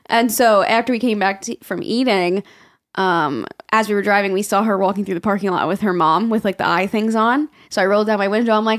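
A young woman with a mid-range voice talks fairly quickly as a podcast co-host, sharing a story in a casual chat. Her telling is lively, with raised voices for the people she quotes and plenty of laughter.

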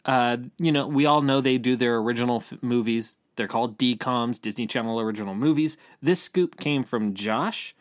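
A male podcast co-host at a middling pitch chats casually about the week's news. He rambles, restarts sentences and leans on ums and uhs as he goes. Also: normal speed, hardly any pauses. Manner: rambling with many fillers and restarts. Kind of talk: casual chat.

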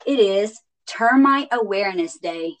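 A woman's voice: medium pitch, lively intonation, unhurried, low-quality recording. A woman co-hosting a podcast in casual chat, upbeat as she announces the day. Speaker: podcast co-host.

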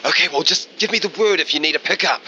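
A man voicing an excitable young man calling in over the radio during a tabletop game. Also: fairly high pitch, dull audio, a little hiss or hum, voice pushed up. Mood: eager. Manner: eager and talking fast.

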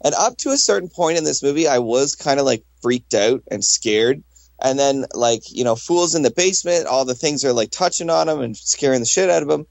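A man's voice: medium pitch, animated, brisk, creaky, no echo. A man giving a rambling take in a casual movie chat, full of fillers.

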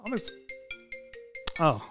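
A man's voice: slow pace, fairly bright tone, faint music behind. A man hosting a comedic podcast, joking and irreverent and swearing freely. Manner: joking, irreverent, mock phone call, swears. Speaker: podcast host.

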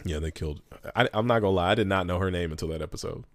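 A man co-hosting a casual podcast over a video call, animated and joking, laughing often and using slang. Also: deep voice, racing, no echo. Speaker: podcast co-host.

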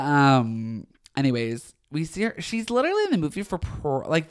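A podcast host chatting alone in a casual, gushing way, full of slang and eager asides to listeners. Sentences often break off and restart with fillers as the excitement runs ahead of the words. The voice sits in a middle pitch. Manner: frequent fillers and trailing restarts. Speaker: podcast host reviewing a film. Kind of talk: casual solo podcast chat.

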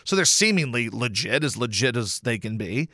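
Animated, bright-voiced ranting man. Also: medium pitch, normal speed, no room sound, studio quality. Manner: animated and profane, swears often. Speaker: podcast host. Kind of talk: casual ranting monologue.

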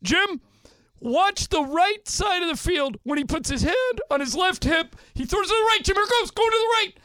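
A man doing a squeaky, giddy commentator impression. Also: lively intonation, normal speed, bright, forceful tone, no room sound, exaggerated voice. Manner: high squeaky voice, repeating a name. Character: impression of an excitable male sports color commentator.

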